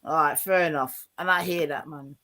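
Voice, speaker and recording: A man hosting a live stream, chatting loosely and reading articles aloud with quick asides, his throat a little sore. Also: fairly high pitch, fairly even intonation, pushed and bright. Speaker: livestream host. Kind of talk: casual live-stream chat.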